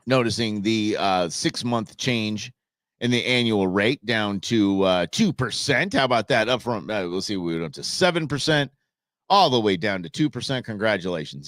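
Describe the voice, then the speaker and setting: Lowish-voiced guy ranting on his talk show, sarcastic, lots of restarts, dry close sound. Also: expressive, moderate pace, fairly bright tone, no echo. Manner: rambling, sarcastic, restarts often. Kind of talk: casual political commentary.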